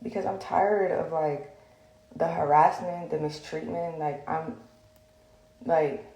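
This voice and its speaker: Her voice sits low and sounds creaky and mellow, moving slowly with fairly even intonation. Recorded in an echoey room, the vlogger rants hotly at her phone camera, profane and blunt, rambling with lots of filler words.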